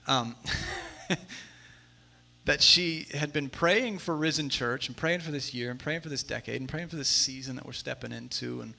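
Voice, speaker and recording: A man in his thirties preaching a sermon in a conversational way, moving between hushed asides and emphatic stretches. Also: mid-range voice, a little fast, vocal fry, few pauses. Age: 30s. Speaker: pastor.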